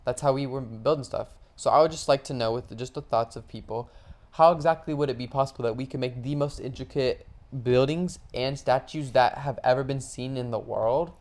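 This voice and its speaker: A man's voice: mid-range voice, a little fast, a little mellow. A man co-hosting a podcast in casual chat, blunt and opinionated with dramatic reactions. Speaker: podcast co-host.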